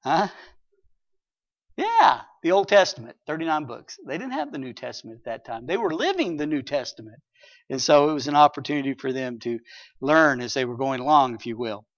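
Hoarse man leading a Bible study. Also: on the high side, sing-song, a little fast, no echo, highs cut off. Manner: plain teaching with fillers and prayer. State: hoarse, raspy voice. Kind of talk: evening Bible study teaching.

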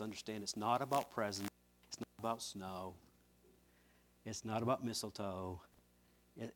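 A male preacher delivering a fervent sermon. He drops to a hushed, low voice and then climbs into loud, emphatic passages, and he doubles up words when he leans on a point.

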